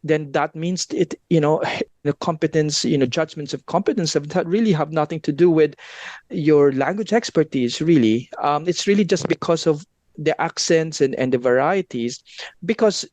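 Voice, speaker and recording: A man's voice: fairly high pitch, moderate pace, a little mellow, no echo. A man being interviewed as a guest researcher, explaining at length in a casual, discursive way with frequent asides.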